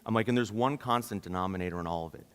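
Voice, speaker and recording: A man giving a keynote at a conference, telling a story in a lively way and acting out the voices of the people in it. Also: fairly low pitch, very fast, smooth. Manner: lively, acts out quoted voices. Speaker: keynote speaker. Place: conference hall. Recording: long reverb in a large hall.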